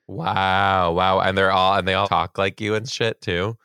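A man's voice: sits low, steady tone, a little slow, bright, forceful tone, clear, resonant tone, dry recording, studio quality. A man hosting a casual podcast chat, loose and jokey, swearing freely as he tells stories.

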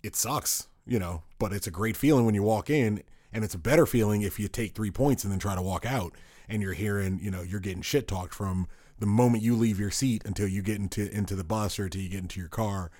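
A man's voice: on the low side, fairly quick, darkish tone, dry recording, studio quality. A man co-hosting a podcast, telling stories in a rambling, self-interrupting way and laughing at his own tales. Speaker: podcast co-host. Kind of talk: casual storytelling chat.

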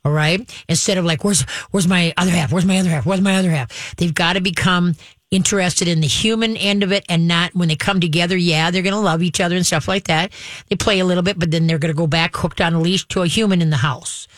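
Brisk woman giving dog-training advice. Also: fairly low pitch, fairly even intonation, no echo. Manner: brisk instructive, frequent "okay?" check-ins. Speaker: dog trainer and radio host. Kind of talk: call-in advice show.

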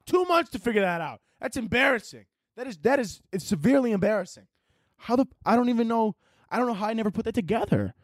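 A man's voice: very high voice, lively intonation, quick pace, no room sound, studio quality. A young man hosting a solo podcast, rambling casually and mocking himself, swearing as he goes. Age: young adult. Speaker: podcast host.

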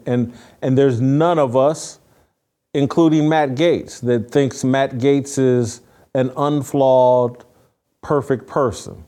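A man's voice: medium pitch, mellow. A man hosting a political talk show, speaking fervently with frequent restarts. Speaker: podcast host.

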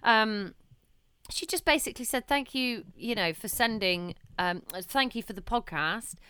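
A woman's voice: on the high side, animated, unhurried, pushed and bright, clear, resonant tone, dry recording. A woman co-hosting a casual parenting podcast, chatty, laughing often and trailing off with ums. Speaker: podcast co-host. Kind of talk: casual chat.

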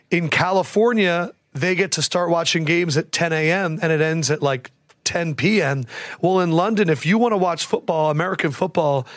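Male podcast host, higher voice, dry close sound; hyped and slangy, quick bursts. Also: dry recording. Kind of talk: casual sports chat. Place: traveling abroad, remote.

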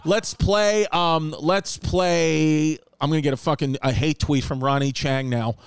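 High-pitched guy cracking jokes at home, rambly casual chat, super dry mic. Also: measured pace, clear, resonant tone, dry recording. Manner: rambling, joking, animated. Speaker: podcast host. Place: home apartment.

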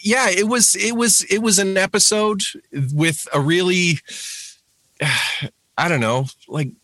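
A man speaks casually on a podcast, his tone bright and forward. He rambles eagerly, often circling back to restart a thought. The sound is close and dry. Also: high-pitched, measured pace, dry recording. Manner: rambling and enthusiastic, frequent restarts. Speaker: podcast panelist.

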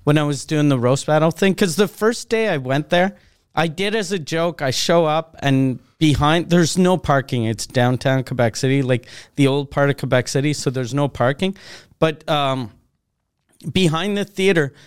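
Smooth-voiced man telling a profane story. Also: fairly high pitch, moderate pace. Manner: laughing, profane anecdote-telling. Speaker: podcast co-host. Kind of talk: casual storytelling chat.

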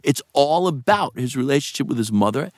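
A man in his sixties from New with a gravelly voice, animatedly telling stories in a casual interview. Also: a little fast, dry recording, clean studio sound. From New York. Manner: animated, swings pitch for quoted voices. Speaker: actor guest.

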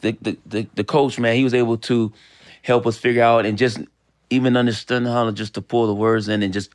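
Man from los angeles, podcast guest, casual chat, halting speech, lots of fillers. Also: medium pitch, level tone. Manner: halting, with many fillers and restarts. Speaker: guest actor and comedian.

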